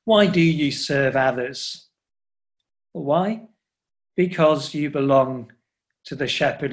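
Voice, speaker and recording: A middle-aged man preaching a sermon to his congregation, earnest, often voicing Jesus speaking directly to his listeners. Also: a little high. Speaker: pastor.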